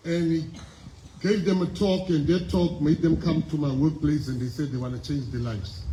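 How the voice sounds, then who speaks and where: A man's voice: on the high side, mellow, slight background noise. South African man speaking in an echoey hall. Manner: emphatic storytelling with repeated phrases and pauses. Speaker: guest speaker at a school. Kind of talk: motivational speech. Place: school assembly hall. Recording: echoey hall with faint ambience.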